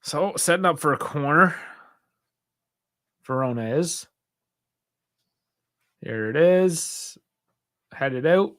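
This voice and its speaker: A man's voice: on the high side, expressive, slow, long pauses, a bit bright. A young man hosting a football watch-along stream, chatting casually, reacting aloud with sighs and laughs and talking to his chat. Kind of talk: casual live match commentary.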